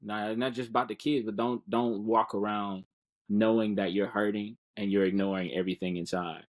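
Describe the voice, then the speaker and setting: A man's voice: lowish voice, steady tone, normal speed, darkish tone. A man speaking as a guest in a casual podcast interview, earnest and encouraging, often repeating words while he finds them.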